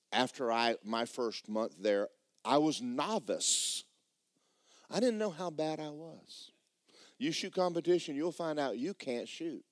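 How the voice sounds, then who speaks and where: A man preaching a sermon, telling stories in an animated, repetitive way. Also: fairly high pitch, no echo, studio quality.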